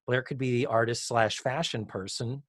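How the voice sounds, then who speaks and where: In a mid-range voice at a moderate pace, a podcast co-host animatedly recaps an episode in casual chat, acting out the lines he quotes in raised voices. The studio sound is clean and dry.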